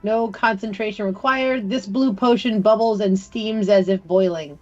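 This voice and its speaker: A woman's voice: mid-range voice, normal speed, a little mellow, faint music behind. Female player, teasing and jokey, lo-fi muffled audio. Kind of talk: casual chat, joking.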